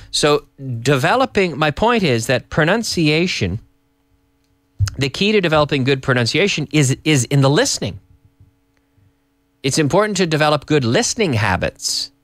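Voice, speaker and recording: A man hosting a live English lesson from an office, explaining pronunciation in an animated, repetitive way and slipping in Spanish phrases. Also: mid-range voice, dry recording, studio quality. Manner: animated, repeats and restarts, slips in Spanish phrases. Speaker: English teacher and show host.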